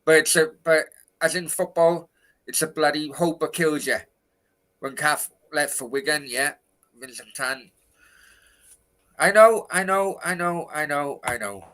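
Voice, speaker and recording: A man's voice: a little high, measured pace, pauses often, fairly bright tone, rough recording. A man co-hosting a casual football talk show from a hotel room, ranting and swearing about his club's transfers. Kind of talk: casual chat.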